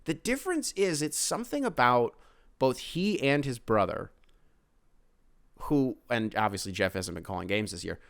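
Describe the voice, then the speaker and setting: A man's voice: mid-range voice, lively intonation, moderate pace, creaky, fairly bright tone, no echo, studio quality. A young American man hosting a sports podcast, talking casually in rambling, profane rants full of tangents. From United States. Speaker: podcast host.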